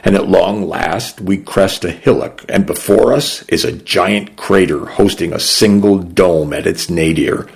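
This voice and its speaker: A man narrating a story in the first person, in a measured, unhurried and somber way. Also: deep voice, vocal fry.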